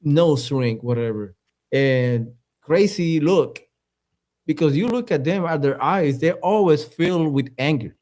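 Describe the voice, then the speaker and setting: A man's voice: fairly high pitch, a little slow, a little mellow. Blunt man in casual podcast chat. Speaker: podcast co-host.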